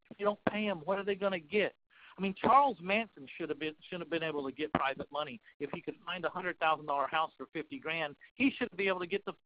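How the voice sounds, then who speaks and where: A man with a high voice tells folksy stories as a guest on a webinar about investing. His audio is dry and dull, with the lo-fi sound of an online call. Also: no room sound. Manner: folksy, animated storytelling. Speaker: real estate investing coach, guest. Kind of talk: webinar talk.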